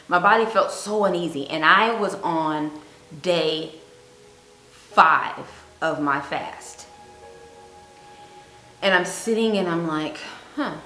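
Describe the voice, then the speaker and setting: Earnest woman vlogger, low voice, roomy echo, faint music under it. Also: sharp tone. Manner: earnest, repeats herself for emphasis. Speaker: vlogger giving fasting advice. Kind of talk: casual advice and personal story. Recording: echoey room with faint music.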